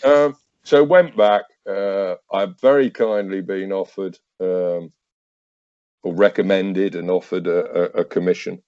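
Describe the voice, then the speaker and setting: Man, 50s, podcast guest and ex-soldier; low voice, halting, wry storyteller who acts out conversations; dry, dull-sounding mic. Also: fairly even intonation, a little mellow, no echo. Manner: acts out remembered dialogue, wry, with hesitant fillers and restarts. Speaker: podcast guest, army veteran. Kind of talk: casual anecdotal storytelling.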